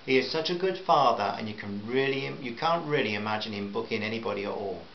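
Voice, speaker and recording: A man's voice: mid-range voice, lively intonation, quick pace, lightly acted. A man voicing a cheeky, teasing Northern Irish wife with a lilting voice, in a roomy, slightly dull recording with faint hiss.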